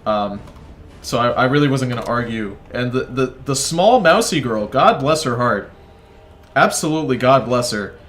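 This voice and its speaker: A man's voice: mid-range voice, expressive, normal speed, a bit bright. A man telling a rambling, profane story in casual chat while he plays a video game, often breaking off to comment on it. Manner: rambling, profane, self-interrupting. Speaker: gaming video creator. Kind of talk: casual storytelling over gameplay.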